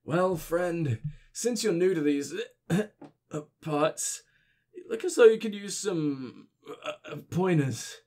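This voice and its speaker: A man's voice: on the high side, animated, takes it slowly, a little mellow. A man voicing a shambling, drunken male town greeter with a slurred voice, reading game dialogue aloud. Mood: tipsy, rambling.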